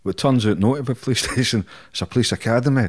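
In a casual podcast interview, a middle-aged guest from Scotland races through his stories in a mid-range voice. He swears often and laughs his way through the anecdotes.

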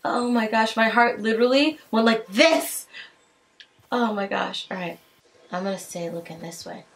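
A young woman giving excited, chatty commentary while playing a shooter game, dropping to hushed mutters and bursting into shouts. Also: mid-range voice, moderate pace. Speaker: gaming channel host.

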